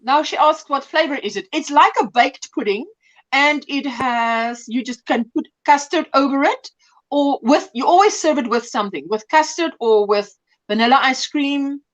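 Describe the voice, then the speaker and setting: A woman's voice: high voice, normal speed, muffled recording. A woman from South Africa with a South African accent, hosting a casual crafting livestream and greeting viewers by name. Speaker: livestream host.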